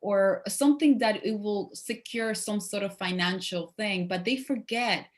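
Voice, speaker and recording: A woman in her forties talks through an interview in English with a clear Spanish accent. She is animated, laughing often and slipping into playful acted-out quotes. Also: medium pitch, a little slow. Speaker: guest actress. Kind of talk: casual interview chat.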